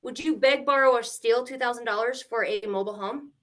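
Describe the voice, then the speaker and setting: A middle-aged woman, a grandmother, telling her story as a guest on a live stream, animated and emotional, acting out what people said. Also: a little high, a little fast. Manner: animated, tearful at times, quotes people in shifting voices.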